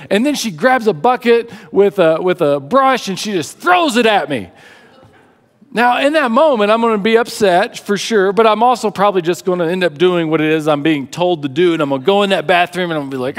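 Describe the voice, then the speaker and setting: A male pastor preaching a sermon, telling an animated story and repeating words as he presses his point. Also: sits high, fairly quick, long reverb tail. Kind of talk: sermon with ministry appeal. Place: church service.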